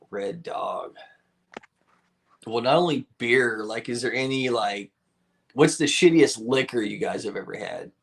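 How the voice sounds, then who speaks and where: A man's voice: fairly low pitch, creaky. A man hosting a live stream from home, talking loosely to his viewers. He rambles, laughs often and swears freely in an easy, casual chat.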